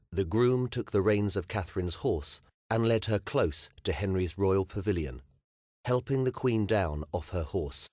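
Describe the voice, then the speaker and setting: A male audiobook narrator reading historical fiction in an expressive storytelling manner. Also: sits low, dry recording, studio quality. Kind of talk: scripted narration.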